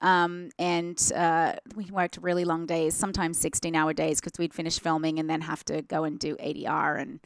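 A woman's voice: low-pitched, flat delivery, normal speed, hardly any pauses. A woman in her forties with an Australian accent, chatting as a guest in a studio interview and laughing often. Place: radio studio.

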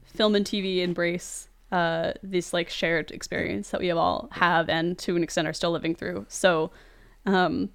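A woman's voice: lowish voice, level tone, normal speed, gravelly. A woman hosting a film podcast, chatting casually with a guest and laughing often. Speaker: podcast host.

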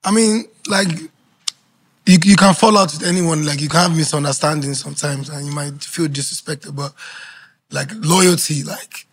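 Husky laid-back man chatting. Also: on the high side, fairly even intonation, normal speed, fairly bright tone. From Nigeria. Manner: laid-back, filler-heavy, repeats "like". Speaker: guest singer. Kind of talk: casual chat.

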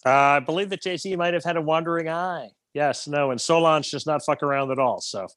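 A man's voice: fairly high pitch, brisk, fairly bright tone. A man joining the podcast chat remotely and answering with dry quips.

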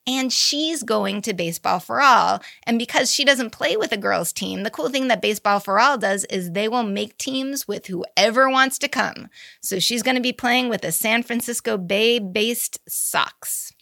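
Bright chatty woman, gravelly edge. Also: fairly high pitch, no echo, studio quality. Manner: chatty, quick asides, laughs easily. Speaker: podcast co-host. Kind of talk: casual chat about girls' baseball news.

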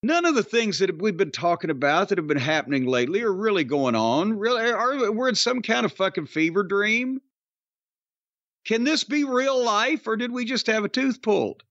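A man's voice: sits high, animated, normal speed, a bit bright, no room sound. Middle-aged man, podcast host, raised voice, profane blustering rants, dull lo-fi dry sound. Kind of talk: casual podcast chat.

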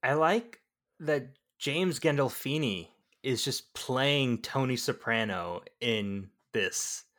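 A man's voice: medium pitch, expressive, slow pace, a bit bright. Playful man co-hosting a podcast. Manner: playful, teasing. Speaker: podcast co-host. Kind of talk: casual chat.

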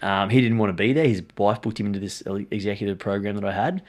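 A man with a low voice tells stories as a podcast guest. He is blunt and animated, and he swears without a second thought, like a coach who speaks his mind. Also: fast talker. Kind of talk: casual podcast storytelling.

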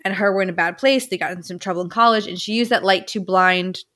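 A woman's voice: mid-range voice, quick pace, fairly bright tone. A woman co-hosting a book podcast, retelling plot scenes in a casual, emotional way. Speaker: podcast co-host.

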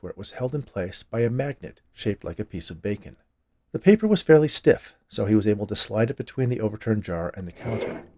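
A man hosting his own podcast and narrating a short story, expressive and voicing characters. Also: fairly low pitch.

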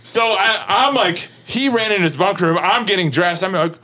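A man's voice: high-pitched, normal speed, background noise. A man in his thirties telling a long anecdote in casual chat, laughing often and saying "like" a lot. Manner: animated storyteller, laughs often, many "like" fillers. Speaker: podcast guest.

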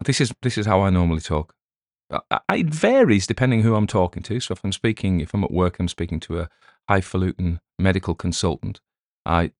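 A man's voice: low-pitched, dry recording, studio quality. An Englishman hosting a podcast, chatting casually in a rambling way, with many restarts and asides. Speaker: podcast host. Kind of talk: casual spoken afterword.

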